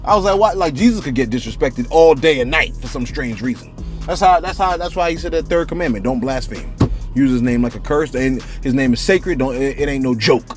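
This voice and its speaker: A man's voice: medium pitch, brisk, faint music behind. A man hosting a celebrity news channel in casual, rambling commentary, often asking "you see what I'm saying".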